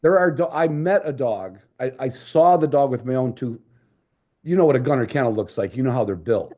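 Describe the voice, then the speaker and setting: A man's voice: medium pitch, fairly quick, mellow. A man hosting a podcast, telling stories in a casual, rambling way with many restarts. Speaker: podcast host. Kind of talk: casual storytelling chat.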